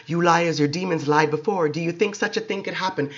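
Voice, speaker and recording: A man's voice: a little high, quick pace, a bit bright. A man voicing a raging, newly made vampire queen, accusing and wrathful, on a dull lo-fi recording. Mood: fervent.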